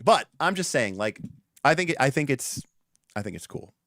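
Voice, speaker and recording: A male livestream host chats about game design in a loose, animated ramble. His mid-range voice sits close on a desk mic with a dry, dead sound. He doubles back and restarts often. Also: mid-range voice, normal speed, no room sound. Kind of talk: casual livestream chat.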